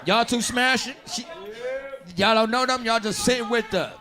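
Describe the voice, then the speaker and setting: A man doing stand-up comedy, loud and animated, talking with the audience and putting on voices for characters. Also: very high voice, moderate pace, crowd noise. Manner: talks with the audience, asks them questions. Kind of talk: stand-up crowd work. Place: comedy club stage. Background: audience laughing.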